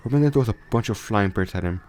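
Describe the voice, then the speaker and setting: A man's voice: on the low side, lively intonation, fast talker, darkish tone. A young man casually retelling a fan story, rambling with frequent restarts and self-corrections.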